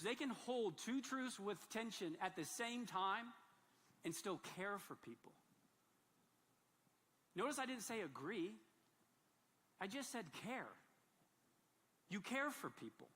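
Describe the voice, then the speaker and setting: In a big church, a male pastor with a high, bright voice preaches a sermon that rings out with a long hall reverb. His delivery is animated, sinking into soft asides before building into loud, emphatic bursts.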